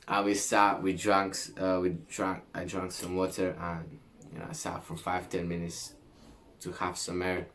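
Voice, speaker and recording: Young man from Greece, casual vlog storyteller, slow delivery, profane and slangy. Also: deep voice. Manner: animated, swears a lot, slangy. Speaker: vlogger.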